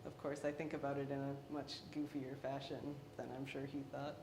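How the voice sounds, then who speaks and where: A woman's voice: flat delivery, normal speed. A young woman artist talking through her paintings in a wry, self-deprecating way, laughing between points. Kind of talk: artist talk about her work. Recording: echoey room with faint rumble.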